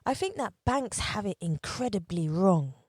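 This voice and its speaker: A woman hosts a podcast in easy conversation, reacting quickly and laughing along. Her pitch moves around a lot while staying in a middle register. The recording is dry and close. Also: expressive, darkish tone, breathy edge, no echo. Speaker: podcast host. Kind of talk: casual interview chat.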